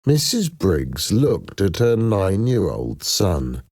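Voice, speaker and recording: A man narrating a story in a slow, dramatic way. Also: deep voice, big pitch swings, a little mellow, no room sound, studio quality.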